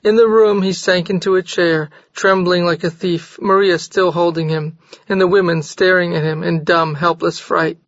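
A man narrating a novel in a steady, measured storytelling voice. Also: high voice, no echo. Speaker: audiobook narrator. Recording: slightly dull dry recording.

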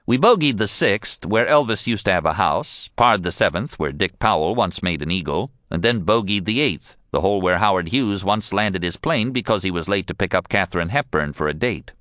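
Deep-voiced guy reading his memoir, wry and jokey, pitch jumps all over, dry sound. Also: expressive, normal speed, hardly any pauses, a bit bright, no echo. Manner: wry, joking storyteller. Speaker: audiobook narrator. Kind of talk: first-person memoir narration.

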